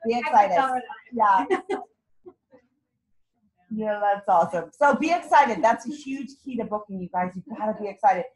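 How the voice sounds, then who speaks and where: A woman's voice: medium pitch, lively intonation, normal speed, long pauses, a little mellow, rough recording. A woman leading a sales meeting, giving a bubbly motivational talk to a small group and laughing often. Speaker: team leader running a sales meeting.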